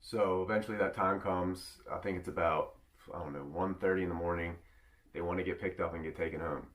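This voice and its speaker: A man with a low, deep voice tells a personal story in a loose, rambling vlog style. He doubles back and restarts his sentences as he goes. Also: steady tone, brisk, fairly bright tone. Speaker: vlogger. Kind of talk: casual storytelling.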